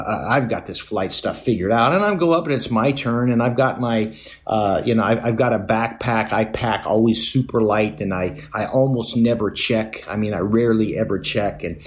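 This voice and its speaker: A middle-aged man talks through a personal story on his podcast, with a pitch that sits right in the middle for a man. He rambles, doubles back on himself and fills gaps with "uh" and "you know". He pokes fun at himself in an easygoing, self-deprecating way. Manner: rambling, self-deprecating, many fillers and restarts. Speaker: podcast host. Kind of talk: casual storytelling monologue.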